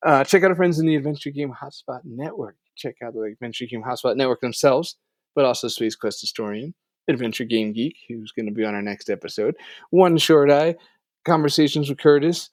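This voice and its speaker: A man co-hosts a podcast in a relaxed, rambling way, often restarting his sentences. His voice sits at a middle pitch. The recording is close and dry, with no room sound. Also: brisk, no room sound. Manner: rambling, self-correcting, wraps up with offhand plugs. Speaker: podcast co-host. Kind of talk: casual podcast chat.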